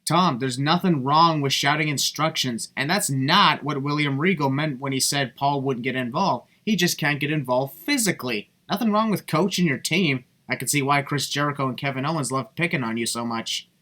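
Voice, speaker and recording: A man's voice: mid-range voice, normal speed, hardly any pauses, pushed and bright. Mocking, foul-mouthed male commentator. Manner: mocking, blunt, swears freely. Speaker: video commentator. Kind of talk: sarcastic voice-over commentary.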